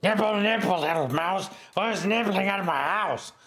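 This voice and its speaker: A man's voice: high voice, measured pace, fairly bright tone, pitched above the performer's own voice. Man putting on a gleeful wicked old witch. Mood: taunting. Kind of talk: reading game lines in character.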